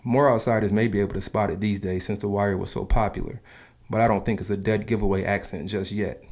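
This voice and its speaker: A man with a notably low, deep voice narrates an explainer video. His delivery is casual and opinionated, like someone sharing his own views while reading a script. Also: fairly even intonation, fast talker, darkish tone. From Southern United States.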